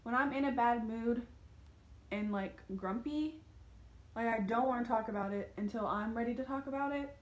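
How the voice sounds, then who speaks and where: A young woman vlogging a casual rant, chatty and full of "like", slipping into animated quoted asides. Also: fairly high pitch, normal speed.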